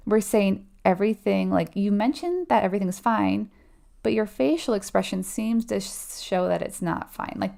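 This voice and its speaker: A woman with a gravelly, darkish mid-range voice leads a live review for a nursing exam. Casual in tone, she explains step by step and questions her audience, laughing lightly when she voices client replies.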